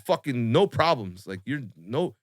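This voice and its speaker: Young man, mid-pitched, casual storyteller, dry close mic. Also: measured pace, no room sound. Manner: animated, swearing, lots of fillers, acts out quotes. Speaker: podcast guest telling his story.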